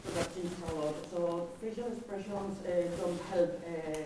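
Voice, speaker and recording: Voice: mid-range voice, normal speed, mellow. An audience member asking hesitant questions in an academic discussion, with frequent fillers. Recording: roomy, distant from the mic.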